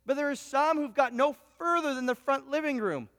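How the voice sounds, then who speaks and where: High-voiced male preacher in a reverberant hall. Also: fairly quick, fairly bright tone. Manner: storytelling with frequent stammered restarts. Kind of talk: sermon with illustrative story.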